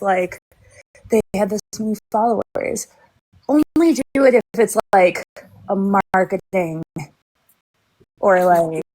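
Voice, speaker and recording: A woman's voice: mid-range voice, no echo. A woman co-hosting a live stream, chatting casually in a rambling way with lots of filler words. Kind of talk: casual chat.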